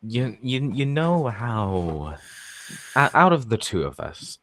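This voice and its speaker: A man playing a tabletop game, speaking in a measured, hesitant way. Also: lowish voice, big pitch swings, a bit bright, slight background noise. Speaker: player. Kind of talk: casual tabletop play.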